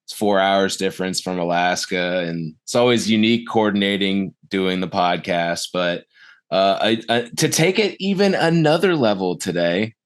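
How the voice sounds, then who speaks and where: Low-voiced male podcast host. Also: normal speed, clean tone. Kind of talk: casual podcast chat.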